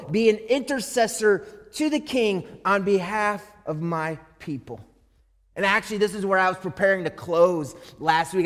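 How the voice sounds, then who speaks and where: Man, pastor, sermon, high voice, earnest, long church-hall echo. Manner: earnest, shifts between hushed and emphatic.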